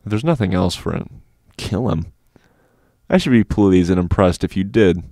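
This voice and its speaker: A man doing a calm, persuasive older schoolboy. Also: low voice, no room sound, clean studio sound. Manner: measured, soft, unhurried.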